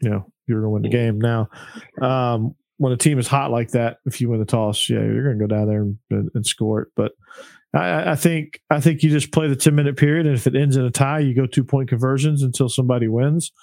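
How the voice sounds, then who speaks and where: A man's voice: mid-range voice, fairly even intonation, a little fast, vocal fry, a little mellow, no room sound. A man with a Southern US accent hosting a casual sports chat, stammering through restarts and laughing at his own jokes. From Southern US, Georgia. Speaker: podcast host.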